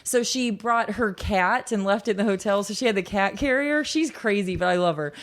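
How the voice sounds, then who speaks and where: A woman in her thirties tells stories as a podcast guest. She talks in a loose, animated way, laughs often and scatters "like" through her sentences. The pitch of her voice sits in the middle range for a woman. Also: a little fast. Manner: animated, laughing, many "like" fillers. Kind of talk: casual storytelling interview.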